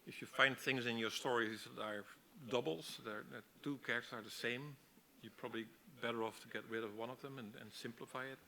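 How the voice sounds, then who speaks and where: A man teaching a masterclass on storyboarding, explaining in a relaxed way with frequent restarts. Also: mid-range voice, a little fast, vocal fry, few pauses, a little hiss or hum. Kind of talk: lecture on storyboarding.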